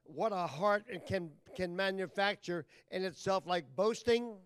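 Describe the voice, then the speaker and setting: A man preaching a sermon as pastor, talking folksy and plain with loud emphatic bursts. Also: high voice, a little slow, clean tone, dry recording.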